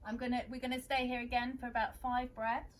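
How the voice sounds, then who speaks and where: A young woman, gently guiding children through a yoga class with steady encouragement. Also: a little high, quick pace, slight background noise. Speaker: kids yoga teacher.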